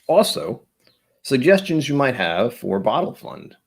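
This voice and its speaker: A man's voice: mid-range voice, sing-song, unhurried, gravelly, breathy edge. A man hosting a casual livestream, rambling and chatty with frequent laughs, his voice a bit tired. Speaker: livestream host.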